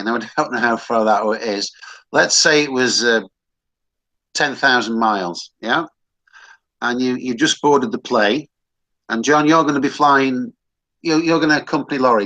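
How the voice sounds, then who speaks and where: A man's voice: mid-range voice, bright, forceful tone, low-quality recording. A man hosting a casual online talk show, chatty and rambling, with frequent restarts. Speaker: host.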